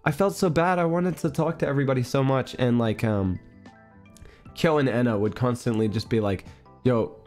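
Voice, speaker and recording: A young man streaming a casual chat, his voice still a little hoarse and worn, rambling through an animated story. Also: medium pitch, a little fast, soft background music. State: hoarse, recovering voice.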